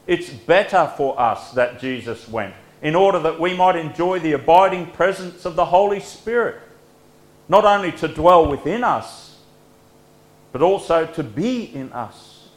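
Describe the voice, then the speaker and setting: A man preaching a devotional sermon in a gentle, earnest way, letting his phrases fall soft at the ends. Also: fairly high pitch, animated, measured pace, echoey room, poor audio.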